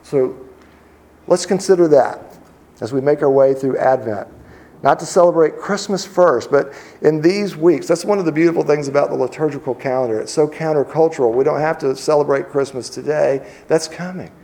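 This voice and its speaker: A man preaching an Advent sermon in a relaxed, conversational way, often pausing and restarting his sentences. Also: a little high. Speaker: pastor.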